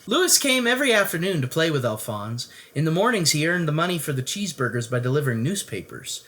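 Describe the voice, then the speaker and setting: Animated bedtime story reader. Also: medium pitch, fast, few pauses. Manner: expressive, animated reading. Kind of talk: bedtime story read-aloud.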